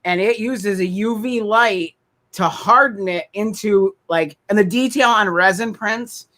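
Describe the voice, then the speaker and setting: A man's voice: high-pitched, unhurried, pushed and bright. Eager man rambling about his hobby. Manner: eager, rambling, restarts mid-sentence. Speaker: podcast co-host. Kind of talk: casual chat.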